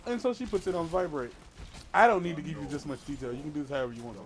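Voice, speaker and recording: A man's voice: a little high, very fast, slight background noise. A man casually telling a creepy story as a podcast co-host, rambling, swearing and interrupting himself. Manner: profane, rambling, self-interrupting.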